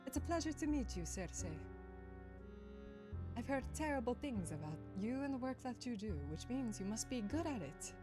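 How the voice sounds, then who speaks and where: A woman's voice: fairly high pitch, moderate pace, close to an everyday voice. A woman voicing a poised, menacing female witch in a game, speaking formally with a put-on French accent. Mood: cool, formal. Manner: calm, formal, coolly polite. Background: game music.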